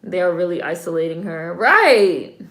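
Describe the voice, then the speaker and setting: A woman's voice: fairly low pitch, lively intonation, normal speed, fairly bright tone, roomy sound. A woman giving casual commentary while watching a film, chatty and wry, with slang asides. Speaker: film reaction vlogger.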